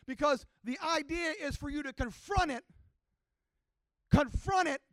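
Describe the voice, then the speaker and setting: Very high-voiced preaching man. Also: normal speed, dry recording. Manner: impassioned storytelling that builds to shouting. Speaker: pastor. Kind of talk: sermon.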